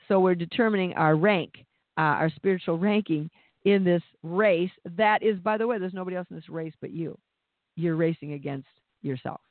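High-voiced man preaching over a tinny line. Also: dry recording. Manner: impassioned, repeats words when stirred. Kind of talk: sermon. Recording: dry, phone-like narrow sound.

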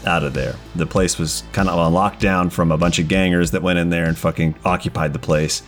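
A man's voice: low voice, fairly even intonation, fairly quick, faint music behind. A man running a tabletop game as game master, narrating casually with lots of swearing. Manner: casual, profane, laughing.

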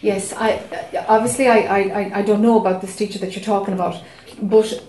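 A woman's voice: medium pitch, a little fast, reverberant, a little hiss or hum, poor audio. A woman teaching at a spiritual retreat, listening closely and answering in a reflective, affirming way. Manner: attentive, steady affirming, reflective. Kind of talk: teaching dialogue.

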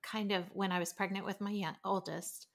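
A middle-aged woman, a podcast guest, telling family stories in a lively way and acting out her children's voices. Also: mid-range voice, normal speed, vocal fry. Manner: animated storytelling, acts out her kids' voices. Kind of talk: casual podcast conversation.

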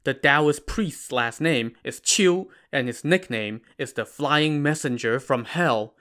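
A man's voice: medium pitch, slow pace, a bit bright. Man doing weary starving old monks. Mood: urgent. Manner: pleading, weary.

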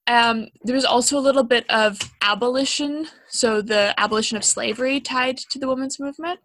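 A woman's voice: on the high side, brisk, fairly bright tone, no room sound. Chatty young woman, dry close mic. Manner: chatty, self-deprecating, with frequent ums and likes. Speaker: podcast co-host. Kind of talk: casual educational chat.

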